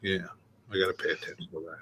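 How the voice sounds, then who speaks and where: A man's voice: low-pitched, little pitch movement, fast talker, bright, forceful tone, a little hiss or hum. A man co-hosting a casual live-stream chat, easygoing and teasing, chuckling a lot. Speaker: co-host.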